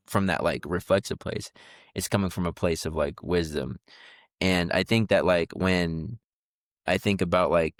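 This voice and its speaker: A low-pitched man co-hosts a podcast in casual conversation, rambling loosely with lots of fillers and restarts. The recording is clean studio quality with no room sound.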